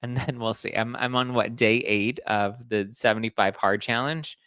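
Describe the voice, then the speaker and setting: A man hosts a casual pop-culture gossip podcast, chatting and reading out audience comments. His medium-pitched voice is clear, resonant, and a bit bright, with fairly even intonation at normal speed, in a clean studio with no echo.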